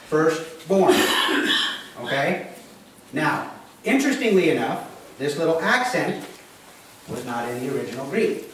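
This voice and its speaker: A man's voice: fairly high pitch, a bit bright, slight background noise. A man preaching a sermon as pastor, plainspoken and often checking in with his congregation. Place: church. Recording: echoey church hall recorded from a distance.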